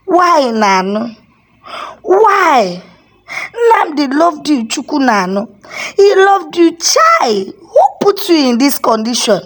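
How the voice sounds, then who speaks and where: A woman voicing an older village chief and father who shouts in anger and laments. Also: fairly high pitch, lively intonation, a little slow. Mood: grieving.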